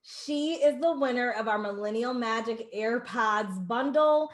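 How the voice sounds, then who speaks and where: A woman's voice: on the high side, measured pace, echoey room. A woman hosting an online launch party over a video call, effusive and emotional, greeting viewers by name.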